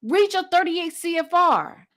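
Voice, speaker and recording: A woman's voice: extremely high pitch, animated, measured pace, a bit bright. A woman host and coach giving a passionate motivational talk, driving points home by repeating phrases.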